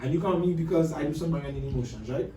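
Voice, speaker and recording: A man's voice: a little high, racing, mellow. A man, co-hosting a podcast, arguing his point insistently and repeating himself in a heated casual debate. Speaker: podcast co-host. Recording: echoey room, mic far off, faint noise.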